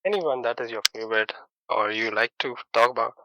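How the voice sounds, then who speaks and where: A man hosting a casual podcast chat, agreeable and relaxed. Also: mid-range voice, a little fast, muffled recording, background noise. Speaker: podcast host.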